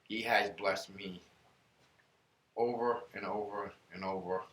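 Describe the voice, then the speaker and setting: A man's voice: lowish voice, steady tone, slow, fairly bright tone. A man hosting a casual faith podcast, telling stories in an earnest, rambling way. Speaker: podcast host. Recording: roomy room echo.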